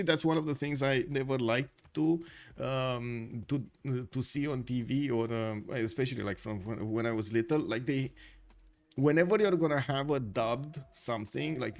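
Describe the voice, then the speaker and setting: A man giving live stream commentary on a strategy game, chatty and thinking aloud with many fillers. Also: medium pitch. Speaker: game caster.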